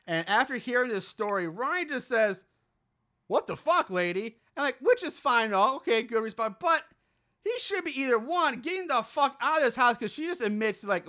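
A podcast host recapping a horror film in casual chat, animated and profane, often exasperated. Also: medium pitch.

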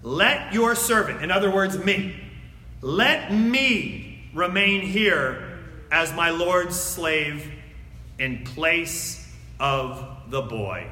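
A man preaching a sermon and reading scripture aloud, swinging between loud emphatic lines and hushed, near-whispered words. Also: fairly high pitch, expressive, very slow. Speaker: pastor. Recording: echoey hall.

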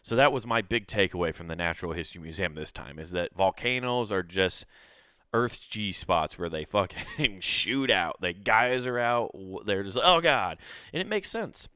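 A man's voice: low voice, animated, normal speed, sharp tone, clean tone, no echo, clean studio sound. A man telling a crude, laid-back comic story in casual podcast talk.

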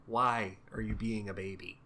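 A man co-hosting a casual comic book podcast, swearing freely, laughing often and acting out characters' lines in quick bits. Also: lowish voice, steady tone, gravelly, crowd noise. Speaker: podcast co-host.

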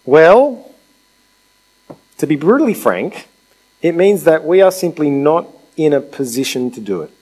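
A man's voice: fairly high pitch, big pitch swings, a little slow, pauses often, darkish tone, slightly rough, low-quality recording. A man preaching a sermon in a conversational way, asking rhetorical questions and acting out quotes.

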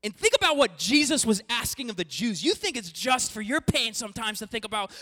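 A pastor preaching a sermon to a congregation, talking animatedly and swinging between quiet passages and loud emphatic bursts. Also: mid-range voice, big pitch swings, a little fast, hardly any pauses. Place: church hall before a congregation. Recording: long echoey hall reverb.

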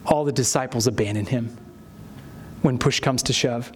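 A male pastor preaching a sermon, reading scripture aloud and acting out the quoted voices with lively expression. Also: mid-range voice, normal speed, a little hiss or hum.

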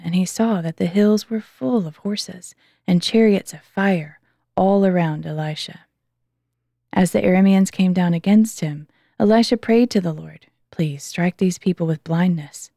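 Calm woman reading scripture, low and mellow. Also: vocal fry, no echo, studio quality. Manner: calm, measured, slows for quoted speech. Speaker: Bible reader.

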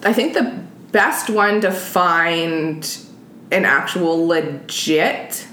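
A woman's voice: lowish voice, very slow, a bit bright, a little hiss or hum. A young woman, telling stories in casual chat, swearing freely and acting out what people said. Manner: chatty, swears freely, acts out quotes. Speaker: guest. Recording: echoey room.

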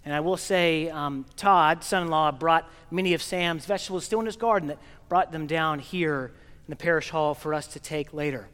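A priest from Oklahoma giving an earnest, gently paced funeral sermon in a large church. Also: male voice, on the high side, moderate pace, smooth. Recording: long reverb of a church hall.

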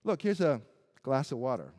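A man's voice: mid-range voice, big pitch swings, moderate pace, darkish tone. A man whose first language is Korean, preaching a sermon in an earnest, emphatic way and building through lists of rhetorical questions. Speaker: pastor. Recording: long hall reverb.

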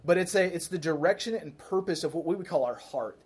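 A man preaching a sermon in a church, his voice sitting a little higher than most men's. He talks to the congregation in a conversational way, throws questions at them and repeats key phrases to drive them home. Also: expressive, a little fast, slightly rough. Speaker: pastor.

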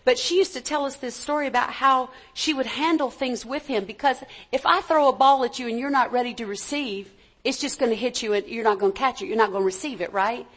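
Woman preacher with a high voice. Delivers a chatty, conversational sermon and calls out for amens from the pews. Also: fairly quick, fairly bright tone.

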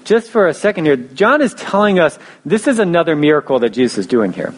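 A man's voice: on the high side, sing-song, fairly quick. A young man preaching a sermon in a casual storytelling way, often restarting phrases and adding fillers. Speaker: pastor.

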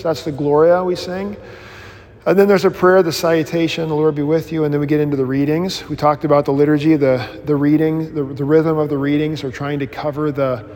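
A pastor teaches a class in a casual, rambling way, breaking into animated storytelling and joking at his own expense. His voice sits a little high for a man, and it carries a long reverb from a large hall. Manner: self-deprecating humor. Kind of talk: informal Bible class teaching.

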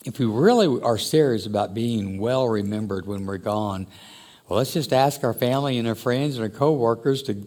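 A man's voice: mid-range voice, normal speed, darkish tone. A man preaching a sermon in a conversational, reflective way that builds to emphatic exhortation. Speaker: pastor.

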